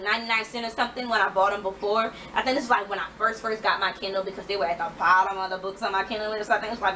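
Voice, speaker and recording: A woman's voice: fairly high pitch, sharp tone, distant mic, a little hiss or hum, rough recording. A woman ranting frankly about books in a casual reading wrap-up vlog, full of fillers and swearing. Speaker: book vlogger.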